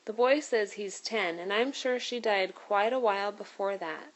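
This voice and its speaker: A woman's voice: mid-range voice, moderate pace, close to an everyday voice, low-quality recording. Woman reader doing an older man, teasing, playful, storybook dialogue. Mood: reasoning. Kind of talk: read-aloud storybook dialogue.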